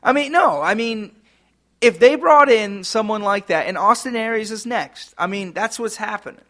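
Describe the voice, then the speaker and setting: Male podcast co-host, high-pitched, chatty and easily amused, lots of fillers. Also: animated, moderate pace, fairly bright tone. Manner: chatty, laughing, many fillers. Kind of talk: casual wrestling chat.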